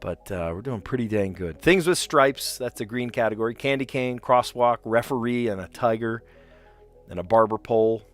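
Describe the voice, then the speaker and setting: A man's voice: medium pitch, moderate pace, faint music behind. A man with a light New Jersey accent hosting a live stream of word puzzles, chatting casually and rambling with frequent laughs. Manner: chatty and rambling, laughs often, reads chat aloud.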